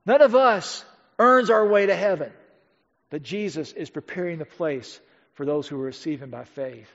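A high-pitched man delivers an emphatic sermon, stretching out key words and sinking almost to a murmur for weight. His voice carries a long reverb tail, as if from a big hall. The audio is dull and muffled. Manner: emphatic, with dramatic slowdowns and drops to near-quiet. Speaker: pastor.

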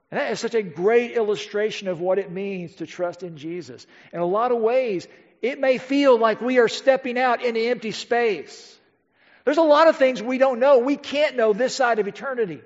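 A high-pitched man delivers an emphatic sermon, stretching out key words and sinking almost to a murmur for weight. His voice carries a long reverb tail, as if from a big hall. The audio is dull and muffled. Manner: emphatic, with dramatic slowdowns and drops to near-quiet. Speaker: pastor.

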